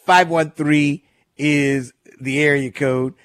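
A fairly high-voiced man hosts a call-in radio show, chatting loosely and telling neighborhood stories with amused asides. His studio mic sounds dry and close. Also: fairly even intonation, slow pace, fairly bright tone, smooth, no room sound. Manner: chatty storytelling, amused, repeats phone number. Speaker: radio talk show host. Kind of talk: casual call-in radio talk.

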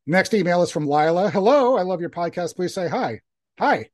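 A man co-hosting a podcast, reading listener emails aloud in a relaxed, easygoing way. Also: sits high, moderate pace. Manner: easygoing, reads emails aloud with light laughs. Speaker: podcast co-host.

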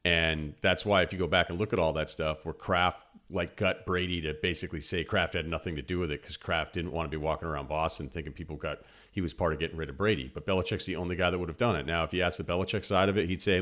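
A man from New England talks football as a guest on a sports podcast. His voice sits very low. He rambles through long stories and acts out quoted exchanges along the way. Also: quick pace. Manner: rambling, animated storytelling with quoted asides. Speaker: guest analyst. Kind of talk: casual sports talk.

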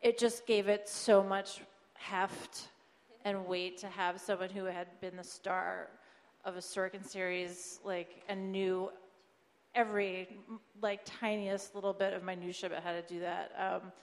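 A woman's voice: mid-range voice, level tone, unhurried, in a large hall. A woman chatting casually on a comedy panel, full of likes and ums and laughing often. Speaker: comedy show co-creator on a panel.

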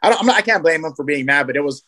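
A man from Southern California in casual podcast chat, telling animated fishing stories full of slang. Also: a little high. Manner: fast, animated storytelling with slang. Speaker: guest, fishing program organizer.

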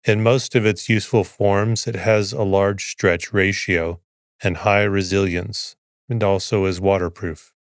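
A man hosting a sleep podcast, reading an article aloud in a soothing, even way to bore listeners to sleep. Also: on the low side, a little slow, dry recording, studio quality. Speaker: podcast host.

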